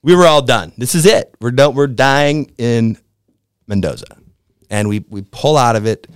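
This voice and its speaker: A man in his fifties from the American Midwest, a podcast guest telling a story in a laid-back, slangy way that gets animated as it builds. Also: mid-range voice, moderate pace, smooth, no echo, studio quality. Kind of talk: casual storytelling.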